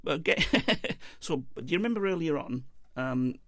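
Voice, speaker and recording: A man's voice: a little high, lively intonation, normal speed, fairly bright tone, no room sound, clean studio sound. A man telling a travel story in a casual, meandering monologue, chuckling and interrupting himself as he goes.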